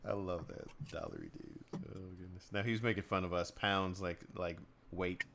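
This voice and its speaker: A man's voice: sits low, steady tone, moderate pace, heavy background noise. An American man hosting a stream, chatting casually, joking and laughing often. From United States. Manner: laughing, joking, acts out silly voices. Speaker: streamer host.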